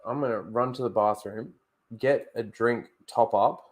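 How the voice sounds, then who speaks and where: A man chatting casually on his livestream at an unhurried, easygoing pace, his voice sitting in an ordinary middle range. He rambles along, talking straight to his viewers. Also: medium pitch. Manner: relaxed, rambling, talks to viewers while setting up. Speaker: livestream host.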